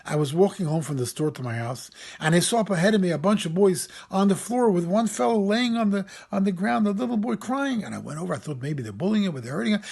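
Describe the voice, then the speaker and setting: Gravelly man telling a sermon story. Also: a little high, fairly quick. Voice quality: gravelly, husky. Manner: animated storyteller, voice rising for quoted speakers. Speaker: camp rabbi.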